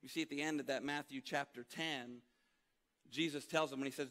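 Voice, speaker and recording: A man preaching a sermon as pastor, telling a story in an animated way and acting out the voices of those in it. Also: mid-range voice, brisk. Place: church auditorium. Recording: long hall reverb.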